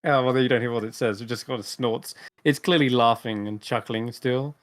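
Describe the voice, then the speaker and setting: A man's voice: medium pitch, steady tone, moderate pace. A man narrating as dungeon master in a tabletop game, loose and chuckling with fillers.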